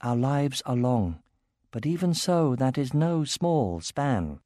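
A man voicing a reserved elf princess speaking quietly and measured. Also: mid-range voice, animated, no echo, clean studio sound, voice pushed up. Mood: cold.

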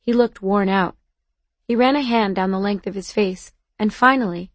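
A woman's voice: medium pitch, moderate pace, no room sound. A woman narrating a first-person novel aloud in an intimate, emotional, confessional way. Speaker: audiobook narrator.

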